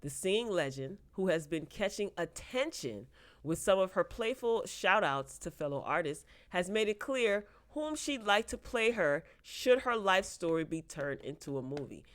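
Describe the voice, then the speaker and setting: A woman's voice: on the low side, very animated, moderate pace. A woman hosting a casual entertainment news chat, reading headlines aloud and breaking in with laughing asides. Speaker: host.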